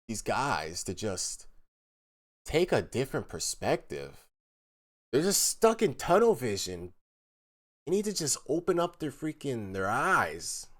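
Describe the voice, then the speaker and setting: A man streaming live, reacting to text messages in casual commentary, mocking and animated, reading quotes in a flat voice. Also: mid-range voice.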